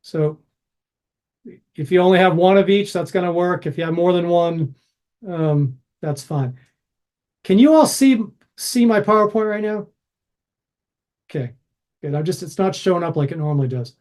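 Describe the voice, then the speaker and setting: A man leading an online workshop on a video call, talking in a relaxed, chatty and slightly halting way. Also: high voice. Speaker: workshop facilitator. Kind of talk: casual online workshop talk.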